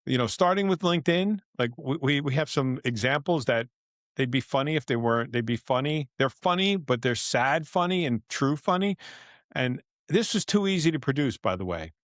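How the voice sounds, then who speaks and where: Man, middle-aged, podcast co-host, casual rambling chat, quick to laugh, medium pitch, dry close sound. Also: expressive, a bit bright, no echo. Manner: laughs easily, loose and rambling with restarts.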